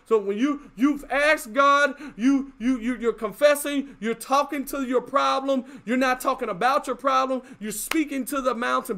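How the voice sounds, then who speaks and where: A male pastor preaching a sermon to a livestream, emphatic, repeating key phrases and rising at times to shouts. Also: extremely high pitch, normal speed, few pauses.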